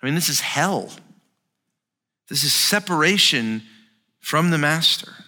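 A man preaching a sermon with a bright, forceful tone. His pitch sits a bit high and moves widely. He is expressive and acts out the text as he teaches. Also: a little slow. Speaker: pastor.

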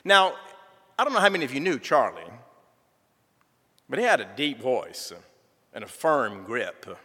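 A middle-aged man, telling a folksy church testimony with gentle humor. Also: mid-range voice, big pitch swings, a little slow. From southern United States. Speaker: church member giving a testimony. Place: church sanctuary. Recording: reverberant church sanctuary.

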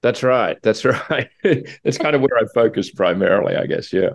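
A man's voice: mid-range voice, animated, moderate pace, gravelly. A middle-aged man with an Australian accent, answering interview questions in a hesitant way with many fillers. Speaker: guest, hospitality business owner.

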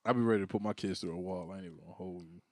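A man's voice: deep voice, rapid-fire, crowd noise. A young man, a comedian, chatting crudely and jokingly on a podcast, drawling his points. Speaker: comedian guest. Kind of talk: casual podcast chat.

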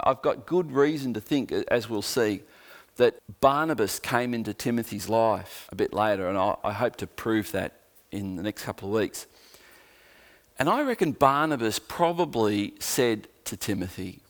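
A man's voice: mid-range voice, animated, moderate pace. Australian man preaching a sermon. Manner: conversational, earnest, with joking asides. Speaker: pastor.

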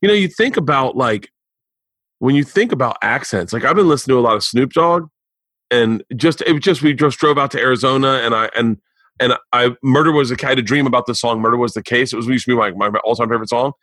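A man's voice: medium pitch, fast talker, no echo. Rambling, profane male podcast host. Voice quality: animated, profane, rambling storyteller. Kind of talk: casual chat.

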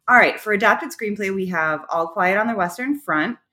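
A woman in her thirties with a bright, mid-pitched voice co-hosts a casual podcast. She jokes quickly and laughs easily, sounding lively and engaged. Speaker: podcast co-host. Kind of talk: casual chat.

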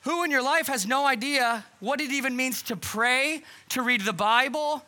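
A man's voice: extremely high pitch, normal speed, sharp tone. A man preaching a sermon as pastor, earnest and urgent, posing questions to the congregation. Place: church hall.

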